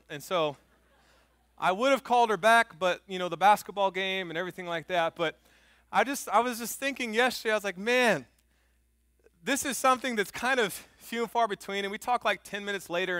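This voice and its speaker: A middle-aged man preaching a sermon, telling stories with animated emphasis and turning soft and hushed when he prays. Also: high-pitched, no echo, studio quality. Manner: animated storytelling, rising loud on emphasis. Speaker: pastor.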